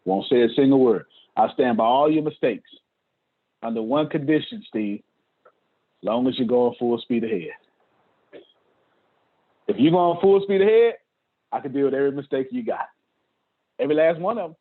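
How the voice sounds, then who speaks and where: A man's voice: mid-range voice, fairly quick, long pauses. A man hosting a motivational talk to his staff on a video call, preachy and repeating his points, often laughing. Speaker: host. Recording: tinny phone-like call audio.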